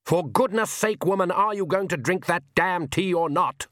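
A man's voice: mid-range voice, lively intonation, normal speed, fairly bright tone, no room sound, studio quality, voice pushed up. A man voicing a haughty, imperious male vampire count in an audiobook. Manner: imperious, exasperated.

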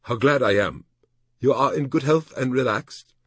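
A man's voice: mid-range voice, normal speed, slightly rough, no room sound, studio quality, pitched above the performer's own voice, close to an everyday voice. A man voicing a fretful male trade official who talks in clipped, formal phrases.

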